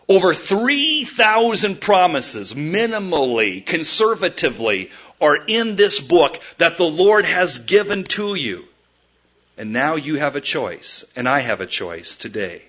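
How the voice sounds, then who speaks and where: A male pastor with a husky, somewhat high voice preaches in a church at a slightly slow pace. He tells stories animatedly and acts out voices. The sermon recording is muffled and lo-fi.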